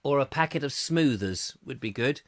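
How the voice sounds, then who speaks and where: A man hosting a live chat show, reading out viewer comments with jokey, mock-indignant asides, his throat going a little hoarse. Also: mid-range voice, animated, moderate pace, dry recording. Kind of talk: casual ranty live-stream chat.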